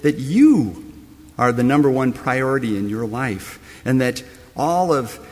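A man's voice: mid-range voice, expressive, a little slow, a little mellow, big-room sound. A man preaching a sermon, telling a story that speaks straight to the listener as you. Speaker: pastor.

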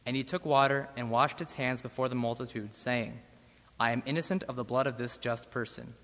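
A man reading a Bible passage aloud in church with a measured, solemn delivery. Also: mid-range voice, fairly even intonation, fairly bright tone. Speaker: scripture reader. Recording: long church reverb.

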